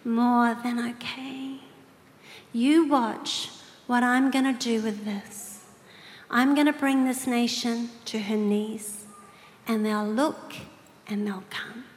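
A woman voicing God with a calm, slow, solemn delivery. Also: fairly high pitch. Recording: reverberant hall with faint ambience.

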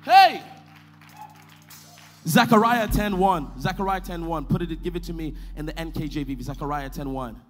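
High-voiced man preaching a fiery sermon. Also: a little fast, hardly any pauses, faint music behind, some chatter behind. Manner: preaching with rising shouts and sing-song cadence. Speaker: pastor.

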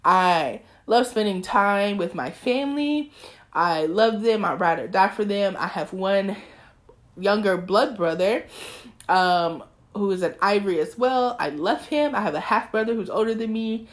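Lively young woman podcast host. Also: mid-range voice, unhurried. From East Texas. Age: 20s. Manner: lively, talkative, preachy bursts. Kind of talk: casual chat.

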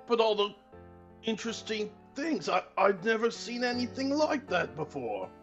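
A man playing his character in a tabletop game, excitable and curious. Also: high voice, normal speed, highs cut off, faint music behind. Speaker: player. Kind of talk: tabletop role-play in character.

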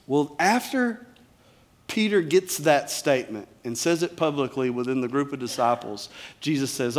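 Male pastor, sermon, emphatic yet chatty, average pitch, sinks to soft lows. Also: moderate pace. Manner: emphatic, conversational, drops to quiet lows.

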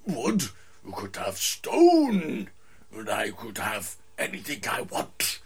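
A man's voice: mid-range voice, huge pitch swings, takes it slowly, vocal fry, husky, full character voice. A man playing a crude, grasping male cave dweller who whines and demands, in improv comedy. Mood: whiny.

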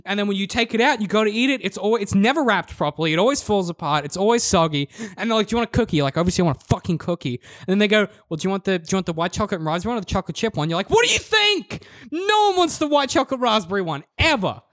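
A man's voice: high-pitched, racing, few pauses, fairly bright tone, no room sound, studio quality. A man in casual chat, ranting with swearing and acting out both sides of a shop exchange.

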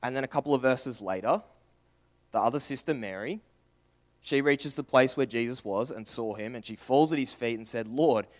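A young man preaching a sermon, earnest and questioning, moving from raised emphasis to hushed, quiet passages. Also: medium pitch, moderate pace.

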